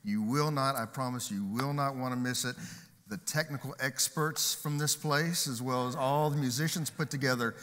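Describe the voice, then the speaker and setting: A man's voice: mid-range voice, normal speed, a bit bright. A man preaching a sermon from a church stage as pastor, upbeat and emphatic, slipping in jokes. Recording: long hall reverb.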